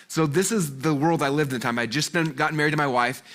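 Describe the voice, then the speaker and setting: A man in his forties talks fast and high for a man, speaking to a seminar crowd. He tells his story with animation, acts out the voices of the people in it, and keeps throwing in fillers. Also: fairly bright tone. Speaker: guest speaker at a business seminar. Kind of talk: energetic storytelling talk to a live audience.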